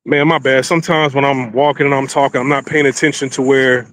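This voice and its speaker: A man telling a dating story in a casual, slangy, animated way, filming himself on a handheld phone while walking around a city. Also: medium pitch, brisk, a little hiss or hum. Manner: animated, slangy, acts out quotes. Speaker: vlogger. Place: outdoors in a city. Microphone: handheld phone camera.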